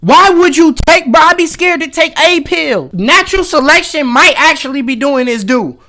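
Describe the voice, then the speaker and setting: A young man in his twenties with a notably high voice hosts a reaction video. He riffs loudly in slangy, mocking jokes, talking casually over the clip. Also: expressive, normal speed. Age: 20s. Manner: loud, mocking, joking slang.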